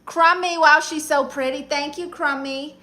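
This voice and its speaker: A woman's voice: sits high, steady tone, a little slow, bright, forceful tone. A woman with a Brooklyn accent, chatting casually on a live stream and reading out viewer comments in a sassy, brash way. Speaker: livestreamer.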